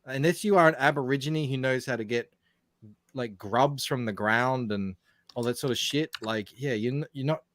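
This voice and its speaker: A man's voice: mid-range voice, moderate pace, fairly bright tone, dry recording. Chatty Australian man, dry sound. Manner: chatty, explains with asides. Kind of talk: casual chat.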